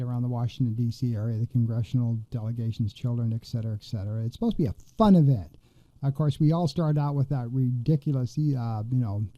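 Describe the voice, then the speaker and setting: A man's voice: mid-range voice, warm tone, no echo, muffled recording. A man hosting a political commentary podcast, talking in a rambling, indignant way with many fillers and restarts. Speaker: podcast host.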